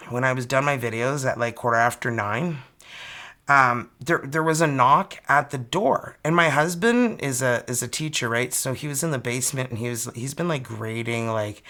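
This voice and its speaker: A woman with a Canadian accent, a tarot reader telling her viewers a story in a chatty, animated way, full of "like" fillers, from her home studio. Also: a bass voice.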